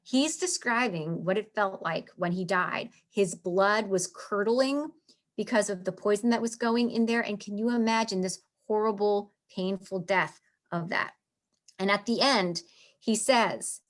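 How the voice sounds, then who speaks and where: Lady teacher walking thru a play, excited, drums the meter out loud, talks kinda casual. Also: mid-range voice, a little slow. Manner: enthusiastic, taps out meter aloud. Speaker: literature teacher. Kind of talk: casual lecture with read-aloud quotes.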